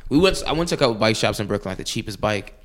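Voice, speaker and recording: A man, hosting a podcast in a casual chat, relaxed and slangy, laughing often. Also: on the low side, racing. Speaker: podcast host.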